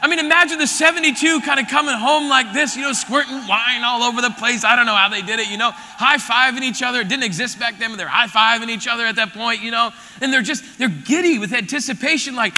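A man in his thirties preaching an animated, joking sermon to a congregation in a church auditorium. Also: extremely high pitch, quick pace, hardly any pauses, big-room sound, slight background noise. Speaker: pastor.

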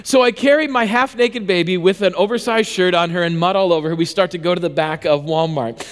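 A male pastor with a high, light voice delivers a sermon in a church hall where his words ring out with long reverb. He talks like a self-mocking storyteller, animated and conversational, often stumbling and restarting before landing a point. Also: fairly quick, clean tone. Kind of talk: sermon with a comic personal story.

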